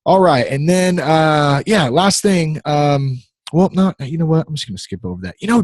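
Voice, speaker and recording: A man's voice: on the high side, animated, normal speed, no room sound. A man in his thirties hosting a podcast, talking casually in a rambling, easily distracted, playful way. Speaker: podcast host.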